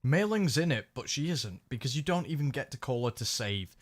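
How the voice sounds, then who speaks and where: A man hosting a casual discussion, animated and mocking, swearing freely. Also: mid-range voice, fairly quick, no room sound. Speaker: host of the discussion. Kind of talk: casual chat.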